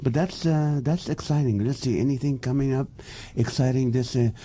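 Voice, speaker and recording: A man from the Middle East, a native Arabic speaker, chatting as a guest comedian, animated and joking. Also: medium pitch, normal speed. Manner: animated, joking, laughs often. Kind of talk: casual chat.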